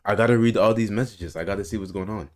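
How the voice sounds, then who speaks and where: A man's voice: lowish voice, fast. A man reacting to videos on a stream, reading messages aloud with frequent laughs and swearing. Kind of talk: casual reaction commentary.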